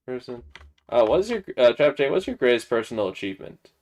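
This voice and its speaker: A man's voice: medium pitch, very animated, fast talker, a little mellow. A young man hosting a gaming livestream, chatting loosely with friends. He hesitates a lot, stammering and filling gaps with "uh" and "um". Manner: hesitant, stammering, full of fillers. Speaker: streamer and host. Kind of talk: casual gaming livestream chat.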